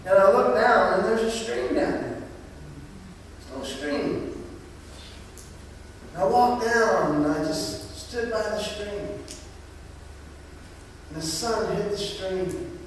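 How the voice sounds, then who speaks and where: A man's voice: sits high, takes it slowly, pauses often, a little hiss or hum. A man preaching a sermon, telling a story in a chatty way with wry humour. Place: church. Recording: echoey church hall from far off, faint ambience.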